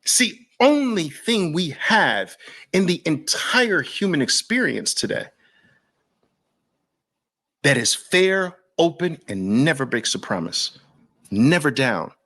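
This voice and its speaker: A man's voice: mid-range voice, fairly bright tone. A man with a Brooklyn accent hosting an impassioned, preachy talk to camera, hammering points home through repetition. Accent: New York, Brooklyn. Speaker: host.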